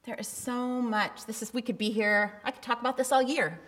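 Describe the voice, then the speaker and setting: A woman's voice: fairly high pitch, steady tone, fairly quick, a bit bright. A woman pastor giving a candid, conversational sermon with bursts of emphasis, recorded in a church. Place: church sanctuary. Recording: long reverb of a church hall.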